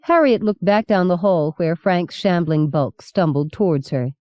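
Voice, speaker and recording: A woman narrating an audiobook in a measured, steady reading. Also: fairly low pitch, dry recording. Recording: dull lo-fi cassette recording.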